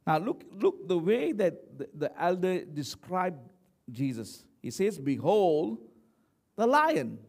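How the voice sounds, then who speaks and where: A man's voice: sits high, very animated, measured pace, darkish tone. A man preaching as pastor, emphatic, often asking the congregation questions. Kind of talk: sermon.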